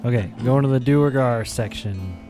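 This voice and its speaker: A man narrating as game master of a tabletop game, laughing easily and pausing often with ums. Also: mid-range voice. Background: music.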